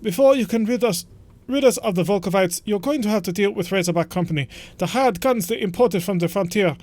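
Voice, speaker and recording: A businesslike briefing officer from a video game, laying out targets and warnings in crisp, measured sentences, as a man reads him out. The voice sits a little above his everyday pitch. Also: a little mellow, no echo, lightly acted.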